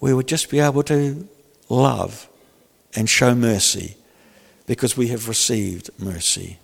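A man's voice: mid-range voice, a little slow, creaky, long reverb tail. A male pastor preaching in a conversational way, joking and acting out little scenes. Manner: conversational preaching with jokes and acted-out quotes. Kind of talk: sermon.

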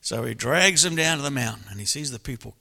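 A man preaching a sermon in a church hall, lively and animated, often laughing and acting out voices. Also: medium pitch, fast talker, gravelly. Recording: long hall reverb.

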